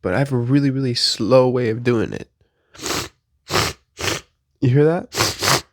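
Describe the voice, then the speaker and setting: A young man of twenty talks straight at the listener in a fed-up, cursing rant, sounding a little under the weather from the flu. His voice sits at an ordinary pitch and comes across close and dry, with no room around it. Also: unhurried, dry recording. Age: 20s. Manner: exasperated, profane venting with mock quotes. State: sick with the flu. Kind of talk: casual ranting monologue.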